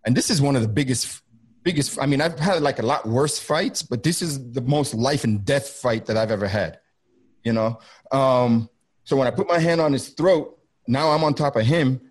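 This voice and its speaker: A middle-aged man who once worked as a federal border agent tells a compelling story of his own experience on a video call. His mid-range delivery is intense and faltering, and he keeps looping back and repeating himself.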